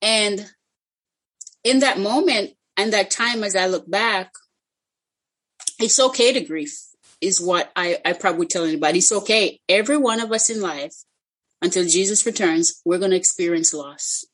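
A woman's voice: mid-range voice, moderate pace, fairly bright tone, slightly rough, low-quality recording. A middle-aged woman telling an emotional personal faith story as a guest, earnest and heartfelt, often restarting her sentences.

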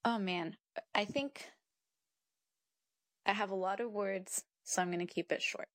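A woman's voice: medium pitch, a little slow, dry recording, studio quality. A young woman chatting as a podcast guest, telling stories with frequent laughter and acting out her own thoughts. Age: young adult. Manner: animated storyteller who laughs often and acts out her own thoughts. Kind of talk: casual conversational interview.

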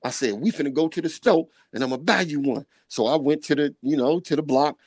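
A middle-aged man telling a personal story on a podcast in animated street slang, sometimes scatting sound effects. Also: on the high side, a little fast, no room sound. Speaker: podcast guest. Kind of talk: casual storytelling.

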